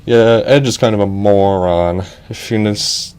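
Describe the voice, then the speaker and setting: A man's voice: lowish voice, unhurried, a little mellow, smooth. A man improvising a goofy comic story in a rambling, offhand way, breaking off for asides.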